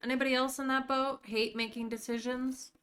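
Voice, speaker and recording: A woman's voice: sits high, level tone, fairly quick, a bit bright, smooth. An American woman streaming a game live, chatting casually and talking to her viewers by name while she plays.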